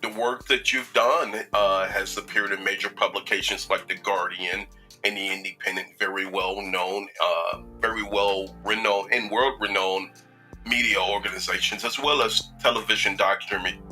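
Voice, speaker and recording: Male host from Chicago, a bit low and very bright, teasing and chatty, with soft music underneath. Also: steady tone, moderate pace, poor audio. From Chicago, United States. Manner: joking, chatty, lots of filler words. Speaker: talk show host. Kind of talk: casual interview introduction.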